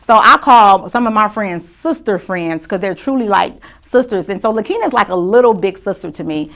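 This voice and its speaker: A middle-aged woman hosts a casual faith-based talk show. She speaks straight to her viewers in a lively, chatty manner. Her voice sits at an ordinary middle pitch for a woman. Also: moderate pace. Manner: lively and chatty, shifting to soft and quiet when grieving. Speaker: show host.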